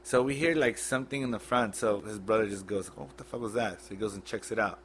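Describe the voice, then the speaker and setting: A man on a podcast, retelling a painful memory in a blunt, halting, profane way. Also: fairly low pitch, a little hiss or hum. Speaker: podcast guest. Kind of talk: casual storytelling.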